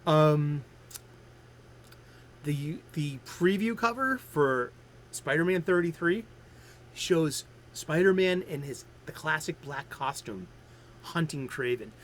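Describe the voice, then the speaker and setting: A man in his fifties hosts a casual stream about comic books. He talks in a chatty, rambling way, often restarting his sentences. His voice sits a little high for a man. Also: expressive, takes it slowly, long pauses, a bit bright, slight background noise. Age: 50s. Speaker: host.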